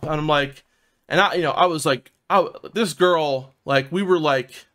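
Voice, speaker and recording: A fairly bright, higher-pitched man from South Philadelphia speaks at a moderate pace as he casually shares the story of his own recovery on his vlog. He's a profane rambler who keeps filling with "man" and "dude."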